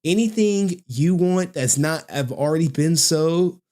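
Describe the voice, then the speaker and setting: A man's voice: a little high, animated, unhurried, a little mellow. A man hosting casual online commentary, talking in a slangy, profane, mocking way.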